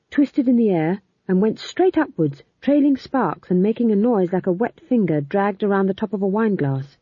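A woman narrating an audiobook in a lively, expressive reading. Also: medium pitch, breathy edge, dry recording. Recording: tinny phone-like sound.

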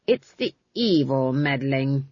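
A woman reading an audiobook, voicing a stern, dry-tongued old witch in a low voice. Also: expressive, slow pace, a little mellow, no room sound, dull audio, heavily acted.

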